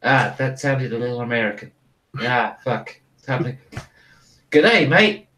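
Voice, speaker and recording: A man's voice: mid-range voice, steady tone, a little slow, pushed and bright. Rambling, hesitant male game master. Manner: rambling, swears, hesitant restarts. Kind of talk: live-streamed tabletop game.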